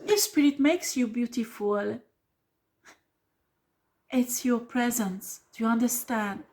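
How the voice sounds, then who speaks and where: Woman, tarot reader, blunt, emphatic, slightly high voice. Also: slow pace, darkish tone, slight background noise. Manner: blunt, emphatic, swears when upset. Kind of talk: tarot reading video.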